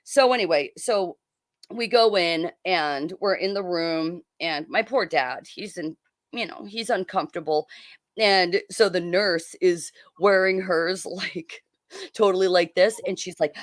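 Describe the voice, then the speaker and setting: Animated middle-aged woman telling a story. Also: on the low side, a little slow, no echo, clean studio sound. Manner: animated storyteller, acts out quoted people. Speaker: podcast co-host. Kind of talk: casual chat.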